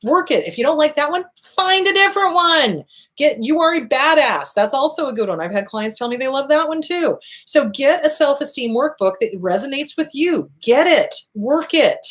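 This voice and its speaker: Speaking at a moderate pace in a slightly bright, animated voice, this woman is a therapist running a podcast. Her advice is casual, laced with free swearing, and she performs quotes with large pitch leaps.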